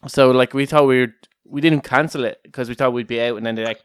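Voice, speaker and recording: A young man with a soft Kildare accent hosts a casual podcast chat. He rambles through stories, swears freely and breaks into laughter. His voice is smooth and clear, recorded close in a dry room. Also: mid-range voice, steady tone, quick pace, dry recording. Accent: Irish, Kildare. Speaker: podcast co-host.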